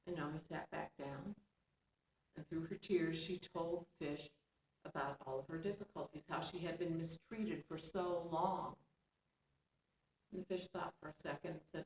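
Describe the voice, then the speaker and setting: A woman tells a folktale in an expressive voice that sits a little low, turning now and then to chat with her listeners. She is heard from a distance in a roomy space, with a faint hum of ambience behind her. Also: moderate pace. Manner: expressive, with chatty asides to listeners. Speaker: storyteller. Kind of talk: oral folktale storytelling.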